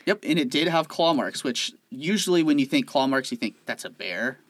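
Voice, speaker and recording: A man co-hosting a casual podcast chat, laying out facts in a relaxed way with lots of fillers. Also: medium pitch, normal speed, dry recording. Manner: relaxed, explains facts with many "like"s. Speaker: podcast co-host presenting the topic.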